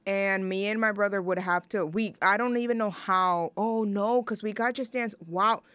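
This is a young woman from New York hosting a show in loose, casual chat. She gushes excitably and leans on slang and filler words. Her voice is smooth and clear, recorded dry with no room sound. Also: mid-range voice, moderate pace, no echo. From New York, USA. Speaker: show host introducing songs.

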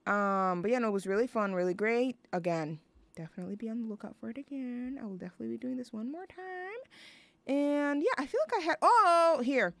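A woman's voice: fairly high pitch, animated, fairly quick, no echo. Chatty young woman radio host. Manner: rambling, self-mocking, chatty with fillers. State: out of breath from dancing. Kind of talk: casual radio chat.

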